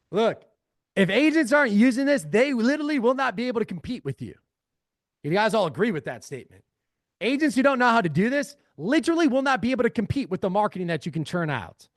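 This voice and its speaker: A man's voice: high voice, big pitch swings, a little fast, dry recording, clean studio sound. A man leading a live screen-share workshop, talking energetically and calling his audience family. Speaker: real estate AI trainer.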